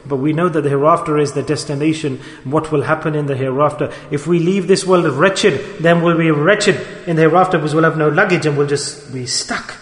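Impassioned preacher in an echoing hall. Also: male voice, a little high, brisk, hardly any pauses. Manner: emotional, rhetorical questions, drops to hushed tones. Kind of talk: sermon. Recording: echoey hall with long reverb.

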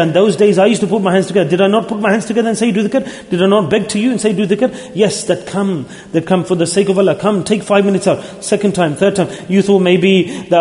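A man's voice: sits high, fairly even intonation, a little fast, few pauses, a little mellow. A man preaching a sermon as a religious teacher at a mosque gathering, in an earnest, pleading, repetitive way. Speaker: Sufi religious teacher leading dhikr gatherings. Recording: roomy hall with long echo.

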